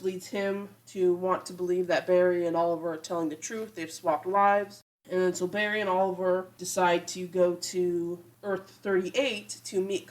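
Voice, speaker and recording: A woman's voice: fairly low pitch, darkish tone, low-quality recording. A woman hosting a podcast, casually recapping an episode in a chatty, fond way, with lots of "you know" and "like". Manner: chatty, fond, quotes characters in passing; frequent "you know" and "like" fillers. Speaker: podcast host.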